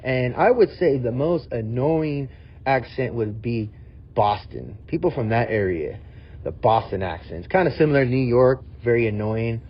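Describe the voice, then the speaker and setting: A man's voice: medium pitch, lively intonation, normal speed, lo-fi sound, a little hiss or hum. A man calling in with a recorded app voice message, hyped and jokey. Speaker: caller.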